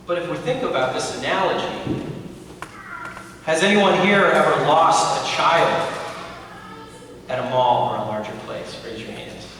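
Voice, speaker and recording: A man's voice: a little high, measured pace, pauses often, fairly bright tone, a little hiss or hum. A young man preaching a sermon as pastor, telling stories with playful asides to the congregation. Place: church sanctuary. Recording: echoey church from far off.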